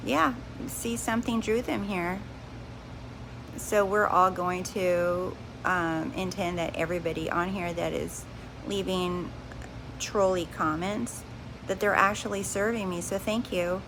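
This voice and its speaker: A woman hosting a live stream on spiritual growth, speaking calmly and directly to her viewers, often repeating phrases. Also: on the low side, unhurried, background noise. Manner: calm, reassuring, repeats herself, addresses viewers directly. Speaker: livestream host.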